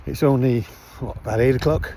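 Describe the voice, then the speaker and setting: A man's voice: medium pitch, a little fast, a little hiss or hum. A man vlogging casually outdoors at night by his van, rambling with lots of fillers. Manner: rambling, relaxed, many fillers. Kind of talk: casual vlog narration.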